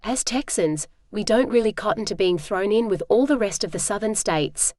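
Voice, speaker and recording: A woman's voice: medium pitch, lively intonation, moderate pace, darkish tone, dry recording, studio quality, close to an everyday voice. A woman voicing a charming, easygoing young Texan man who owns a hotel, in an audiobook. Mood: friendly. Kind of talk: audiobook character voice.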